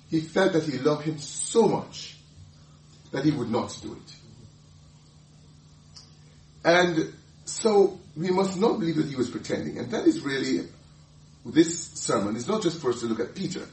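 A man preaching a sermon, emphatic and animated, often laughing and repeating words as he explains a passage. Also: a little high, moderate pace, pauses often, roomy sound, far from the mic, a little hiss or hum, poor audio. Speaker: pastor.

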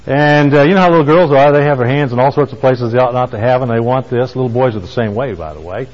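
A man preaching a sermon, telling a story with emphatic lines and slow, quiet stresses. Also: mid-range voice, long reverb tail, highs cut off. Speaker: pastor.

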